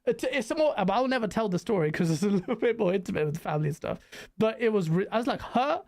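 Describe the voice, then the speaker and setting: Excitable man with a higher voice. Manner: animated, quick and excitable, breaks into laughter. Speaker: podcast host. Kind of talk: casual podcast chat.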